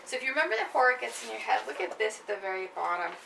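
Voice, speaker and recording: A woman's voice: fairly high pitch, very animated, rapid-fire, creaky, fairly bright tone, a little hiss or hum. A woman teacher giving a literature lecture, who keeps checking in with her students with short questions as she goes. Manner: checks in often with questions to the class. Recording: echoey room, mic at a distance.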